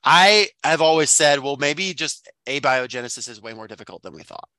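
A man's voice: mid-range voice, lively intonation, a little fast, pushed and bright, no room sound. A man co-hosting a podcast, chatting casually about a book in a thoughtful, rambling way full of fillers and restarts. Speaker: podcast co-host.

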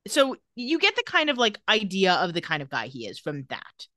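A woman's voice: mid-range voice, wildly swooping pitch, normal speed, bright, forceful tone, no echo, clean studio sound. A woman co-hosting a casual podcast, recounting tweets with wry commentary. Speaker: podcast co-host.

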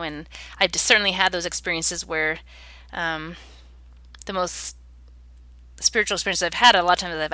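Woman in her 30s sharing a personal story, lowish voice but bright and forceful, dry close sound. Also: no room sound. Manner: earnest and reflective. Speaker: interview guest.

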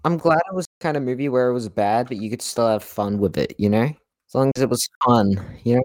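A man's voice: mid-range voice, fairly quick, a little mellow, dry recording. A man co-hosting a podcast, teasing his friend in a laid-back, casual chat. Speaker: podcast co-host.

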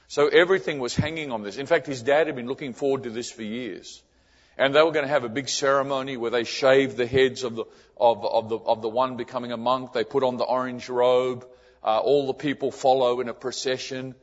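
A man preaching a sermon as a missionary, telling a personal story in an earnest way. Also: medium pitch. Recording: echoey hall, dull lo-fi sound.

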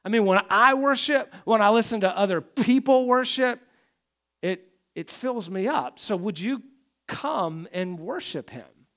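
Animated man preaching a sermon. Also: sits high, measured pace. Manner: conversational preaching, rising and falling in volume, acts out complaining voices. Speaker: pastor.

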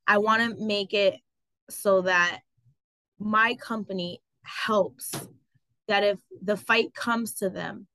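Bright-voiced woman, chatty guest. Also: medium pitch, slow pace, a little hiss or hum, poor audio. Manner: animated storytelling, many fillers. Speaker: guest, travel business owner. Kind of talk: casual interview.

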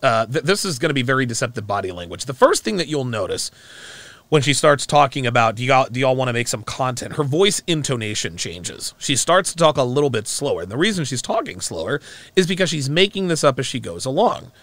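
A man's voice: medium pitch, big pitch swings, a little fast, fairly bright tone, dry recording. A man giving a mocking, profane, emphatic reaction commentary on a clip he plays.

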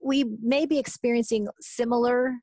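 A woman's voice: a little high, steady tone, normal speed, warm tone, no echo. A woman therapist talking through advice in a thoughtful, hesitant way, with many fillers and restarts. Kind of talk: casual conversational advice.

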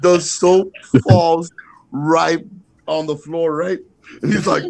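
A man's voice: on the high side, fairly even intonation, takes it slowly, gravelly, darkish tone. A middle-aged man, a podcast co-host, telling a rowdy, profane story with lots of laughter and acted-out lines. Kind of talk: casual storytelling chat.

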